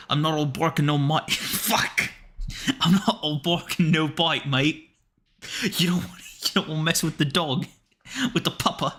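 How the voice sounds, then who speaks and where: A man putting on a gruff mock-British tough guy. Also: on the high side, steady tone, a little slow, pauses often, pushed and bright, voice pushed up. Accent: put-on British (Cockney-style). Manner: mock-tough, slangy "mate" and "innit".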